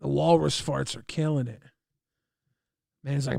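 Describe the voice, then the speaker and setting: A man streaming live, chatting casually and reacting to videos with excitable, profane outbursts. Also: mid-range voice, unhurried, vocal fry, pauses often, no room sound, clean studio sound.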